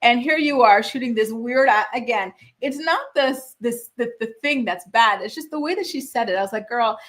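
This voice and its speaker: A young woman hosting a pop culture gossip show, chatting casually and reading viewer comments with sassy, animated reactions. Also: a little high, normal speed. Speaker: host.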